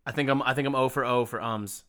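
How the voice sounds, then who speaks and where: Guy on a podcast, bright voice, swears a lot, jokey true crime chat. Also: mid-range voice, steady tone, quick pace. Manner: profane, joking, reads quotes in mocking voices. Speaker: podcast co-host telling a true crime story. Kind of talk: casual chat with crude jokes.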